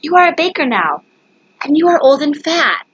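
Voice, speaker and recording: A woman's voice: high-pitched, big pitch swings, normal speed, a bit bright, dull audio, pitched above the performer's own voice. A woman voicing a baker's practical wife who scolds him bluntly, read from a storybook. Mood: scolding.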